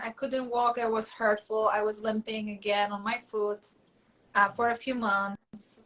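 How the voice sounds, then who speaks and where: A woman telling stories in a casual interview, animated and full of fillers and restarts, acting out quoted dialogue. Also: on the high side, unhurried, poor audio. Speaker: guest.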